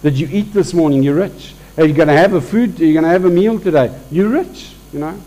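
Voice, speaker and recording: Man, preacher, conversational sermon, slightly high voice, informal, restarts, builds to emphatic peaks, church service. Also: brisk, mellow, rough recording.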